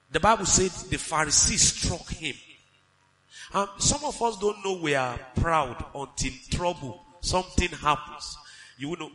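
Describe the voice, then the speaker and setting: A man co-teaching a sermon with his wife, delivering scripture in a steady, measured way. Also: a little high, big-room sound, poor audio.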